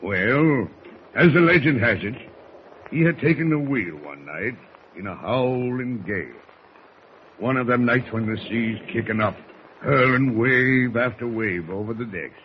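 A man playing a gruff, peg-legged first mate of a sailing ship with salty sea-dog speech, in 1940s radio acting on an old, dull recording. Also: medium pitch, animated, unhurried, slight background noise, close to an everyday voice. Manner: salty sea-dog talk, bellows orders.

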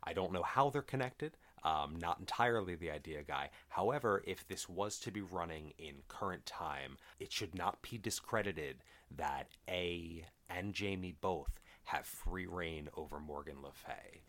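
A man co-hosting a comic book podcast, measured and analytical with frequent ums and uhs. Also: low voice, fairly bright tone. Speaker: podcast co-host. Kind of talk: casual comic book discussion.

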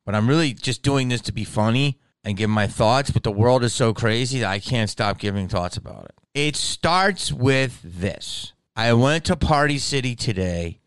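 A male comedian rants straight to camera in a comedic monologue, profane and animated. His voice is smooth and clear, and the recording is dry and close. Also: medium pitch, moderate pace, few pauses, no room sound.

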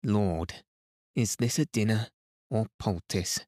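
A man reading the lines of a blunt, sharp-tongued old woman in a storybook, with tart, cutting remarks. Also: lowish voice, slow pace, no room sound, clean studio sound. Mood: scornful.

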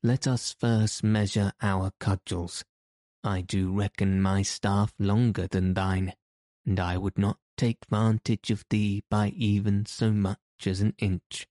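A man's voice: fairly low pitch, little pitch movement, takes it slowly, dark tone, dry recording, clean studio sound. A man voicing Little John, a big, bold outlaw forester who blusters and threatens in old-fashioned speech. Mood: steady. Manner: archaic bragging speech, threatening.

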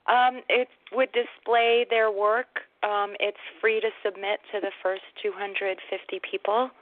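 A woman's voice: medium pitch, level tone, a little slow, no echo. A woman calling in to a show, hesitant with many fillers and grateful. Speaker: caller. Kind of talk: phone call-in. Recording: phone line.

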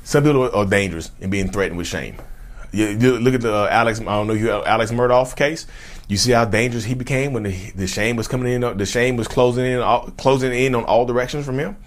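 A man's voice: medium pitch, quick pace. A man talking on his own channel, a casual monologue with a repetitive, preachy delivery that keeps calling viewers y'all. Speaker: channel host.

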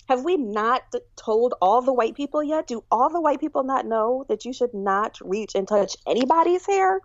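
A woman's voice: a little high, lively intonation, moderate pace, no echo. A woman author being interviewed, speaking thoughtfully and candidly and laughing easily. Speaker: author and guest. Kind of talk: casual interview chat. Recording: dull, dry lo-fi audio.

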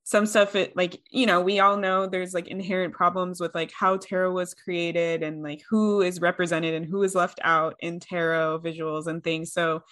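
A woman's voice: lowish voice, little pitch movement, normal speed, few pauses, fairly bright tone. A woman hosting a casual podcast interview, chatty and full of "like". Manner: chatty, heavy use of "like". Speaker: podcast host.

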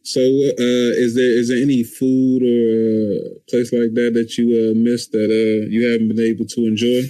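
A man's voice: mid-range voice, flat delivery, normal speed, dark tone, no echo, poor audio. A man from Maryland with a slight country accent, chatting casually as a podcast host, rambling with lots of fillers. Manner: laid-back, rambling with fillers. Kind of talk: casual chat.

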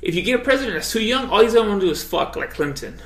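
A man's voice: high voice, expressive, very fast, echoey room, over a noisy crowd. A man co-hosting a podcast, talking in loose, profane banter and saying "dude" a lot. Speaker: podcast co-host.

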